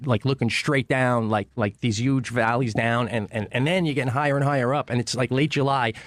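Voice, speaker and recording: Fast-talking man telling a wild story. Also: medium pitch, no echo. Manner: fast, animated storytelling with lots of profanity. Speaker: guest comedian. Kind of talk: storytelling on a talk radio show. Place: radio studio.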